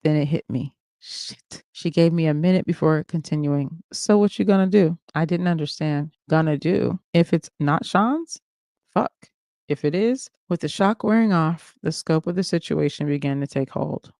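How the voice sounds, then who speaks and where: Livestream book reader; mellow, dry close mic, first-person memoir narration. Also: mid-range voice, moderate pace, dry recording. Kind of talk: reading a memoir aloud.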